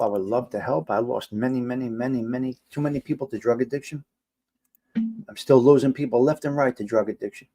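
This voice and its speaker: An older man hosting a casual live stream, given to exasperated, incredulous rants. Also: dark tone. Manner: exasperated, incredulous rants that jump high in pitch. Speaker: livestream host.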